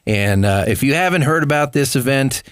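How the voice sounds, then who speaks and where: A man's voice: medium pitch, animated, moderate pace, clean tone, dry recording. A man hosting a local business talk radio show in a studio, chatty and enthusiastic, calling listeners folks. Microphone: studio microphone.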